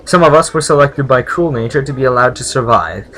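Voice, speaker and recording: A man reading the lines of a proud, wary male village leader from a game in a measured, formal way. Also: medium pitch, lively intonation, a bit bright, lightly acted. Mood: grave.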